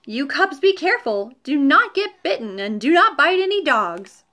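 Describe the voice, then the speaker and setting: A woman reading a storybook puts on a full character voice for a cheerful, literal-minded housekeeper, pitching herself above her natural voice. The lines come out eager and upbeat, high-pitched with big pitch swings, at a normal speed, with a bright, forceful tone.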